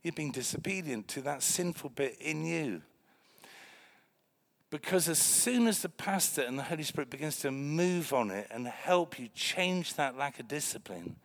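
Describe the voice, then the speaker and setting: Gravelly, animated male preacher. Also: a little high. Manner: animated, swings from quiet to loud. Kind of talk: sermon with storytelling.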